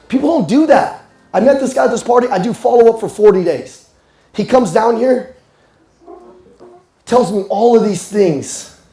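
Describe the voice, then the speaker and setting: A young man giving an animated, playful motivational sales talk to a live audience. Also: high-pitched. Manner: animated, playful, addresses the crowd directly. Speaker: sales coach speaking live. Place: roomy hall with a live audience. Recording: echoey room with faint music.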